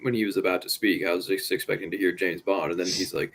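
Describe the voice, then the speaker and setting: A man's voice: low-pitched, fairly even intonation, fast talker, a bit bright, slightly rough. A man co-hosting a podcast, sharing candid, opinionated takes and laughing easily in casual movie review chat. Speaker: podcast co-host.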